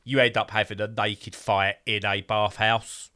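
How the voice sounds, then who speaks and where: A man's voice: fairly low pitch, level tone, unhurried, bright, forceful tone. A man casually reviewing a game in a podcast chat, rambling with fillers and bursts of exasperation.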